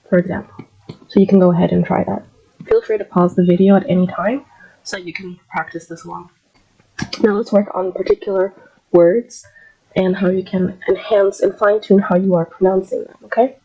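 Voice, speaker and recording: Slightly sick woman teaching pronunciation, husky and mellow, slow careful words, kinda dull lo-fi audio. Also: on the low side, steady tone. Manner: slow, drawn-out modeling of words. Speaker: English accent coach. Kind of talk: pronunciation lesson.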